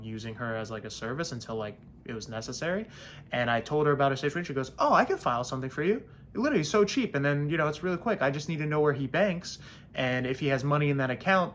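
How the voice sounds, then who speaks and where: A man's voice: medium pitch, slight background noise. A young man telling a story in casual vlog style, acting out the other people's lines and getting blunt about his landlord. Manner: animated storyteller, acts out quoted voices, blunt and petty.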